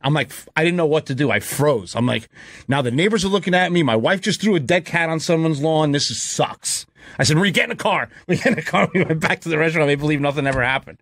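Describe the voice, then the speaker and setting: A man's voice: fairly high pitch, lively intonation, quick pace, fairly bright tone, no echo. A man, a cook and guest, telling a story in heated, profane casual chat.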